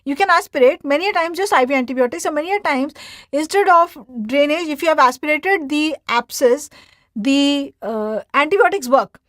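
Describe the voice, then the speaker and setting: A woman's voice: high voice, normal speed, fairly bright tone, dry recording, clean studio sound. A woman giving a recorded medical lecture. She asks questions and answers them herself, repeating key terms.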